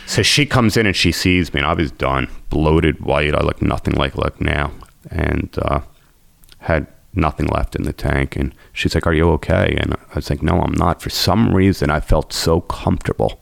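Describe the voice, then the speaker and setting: This is emotional personal storytelling: a man with a very deep, gravelly voice earnestly and intensely describes recovering, repeating others' words as he goes. He speaks at a normal speed, with no room sound.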